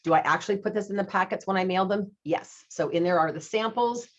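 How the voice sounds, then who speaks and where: A woman's voice: mid-range voice, fairly quick, highs cut off. A woman giving a chatty, upbeat sales training talk, acting out phone calls with customers as she teaches. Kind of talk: instructional talk with retold dialogue.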